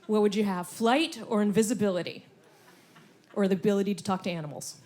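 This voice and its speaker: A woman performing a stand-up comedy set on stage, animated, slipping into silly voices. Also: mid-range voice, quick pace. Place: comedy club stage before a laughing audience.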